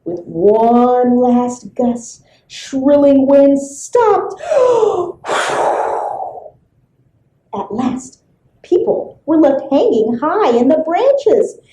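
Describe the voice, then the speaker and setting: Library lady reading a story to kids, mellow voice, echoey room. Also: high voice, very slow. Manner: expressive, with sound effects. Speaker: children's librarian. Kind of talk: storybook read-aloud for children.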